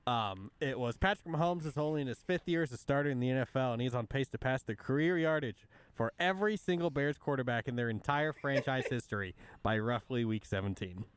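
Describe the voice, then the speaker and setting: A man's voice: mid-range voice, fairly quick, few pauses, clean tone. A man working as producer on a sports talk radio show, sharing a stat in an easygoing way.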